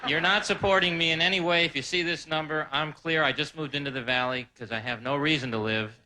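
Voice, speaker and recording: Man, stand-up comic, self-deprecating, rambling asides, slightly high voice, noisy live recording. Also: fairly even intonation, fast. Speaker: stand-up comedian. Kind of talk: stand-up comedy set. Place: live stage before a laughing audience.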